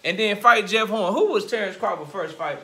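A man hosting a boxing commentary channel, ranting bluntly and profanely in casual slang, growing louder and heated as he goes. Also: high voice, a little fast, slight background noise. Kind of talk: casual opinion rant.

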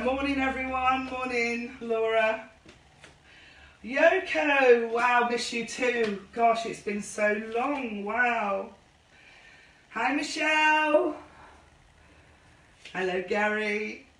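A woman's voice: fairly high pitch, fairly bright tone, distant mic. Chatty woman, roomy and off-mic. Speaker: line dance instructor. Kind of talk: chatty live-stream dance class talk.

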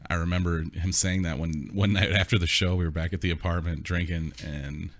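Deep-voiced laughing storyteller man. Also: steady tone, a little fast. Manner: rambling storyteller who laughs often and swears freely. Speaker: podcast co-host. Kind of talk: casual chat.

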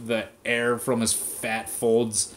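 A man's voice: mid-range voice, completely flat delivery, slow, a little hiss or hum. A man hosting a podcast, ranting casually with heavy swearing and mocking impressions of people. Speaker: podcast host. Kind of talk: casual profane rant.

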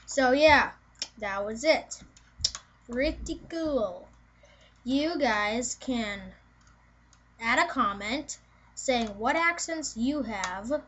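A woman's voice: on the high side, a bit bright, slight background noise. A young woman vlogging casually, rambling and chatty with lots of fillers. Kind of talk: casual video chat. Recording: dull lo-fi home video.

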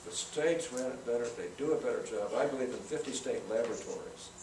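Telling stories to a student audience, an older senator speaks fast at medium pitch in a folksy, anecdotal way, performing the quotes he recounts. He was recorded from far off in a campus event room, so the sound is roomy and noisy.

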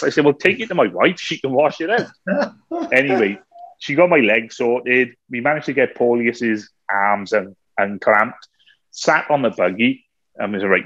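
Man telling a lively story. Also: mid-range voice, moderate pace, no echo. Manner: lively storyteller, laughs often, acts out quotes. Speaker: podcast co-host. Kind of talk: anecdotal storytelling. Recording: slightly dull, dry recording.

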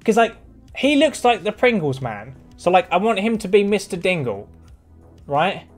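A man's voice: high voice, very animated, moderate pace. A young man, casually chatting and joking with viewers while drawing. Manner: joking, swears freely, chats with viewers. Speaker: streamer drawing with chat. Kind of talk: casual live-stream chat. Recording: faint background music.

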